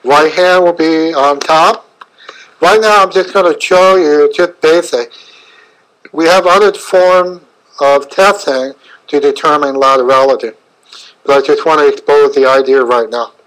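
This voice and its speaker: A middle-aged chiropractor presents a webinar lecture in a slightly raised, fairly bright voice on the high side. He talks in short, broken phrases, stopping often with fillers before pressing on, and the recording quality is low.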